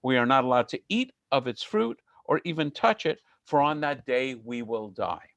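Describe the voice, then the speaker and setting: A man's voice: mid-range voice, expressive, moderate pace, fairly bright tone, no room sound, muffled recording, voice pushed down. A man voicing the first woman in a myth, answering in an earnest, explaining way.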